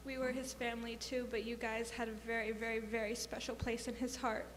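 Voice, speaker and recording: A woman at a memorial with quick, filler-laden asides, reading a letter aloud. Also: a little high, little pitch movement. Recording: echoey hall with faint hum.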